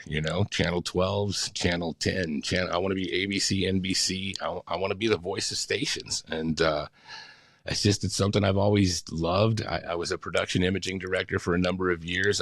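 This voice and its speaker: A man who works as a radio imaging voice talent, talking as a podcast guest in an eager, storytelling way, with a deep announcer-style voice and frequent laughs. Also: fairly bright tone, dry recording, clean studio sound. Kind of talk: casual podcast chat.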